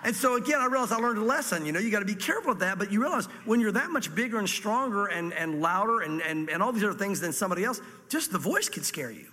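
A man preaching a sermon in church, reading scripture slowly and explaining it in a plain, earnest way. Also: sits high, lively intonation, bright, forceful tone, long reverb tail. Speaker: pastor.

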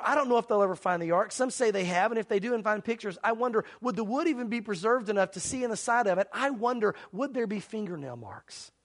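A man preaching a sermon, dramatic at times, acting out scenes and pleading earnestly with his listeners. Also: sits high. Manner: dramatic, acts out mocking crowds and shouts; earnest, pleading altar call. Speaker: pastor.

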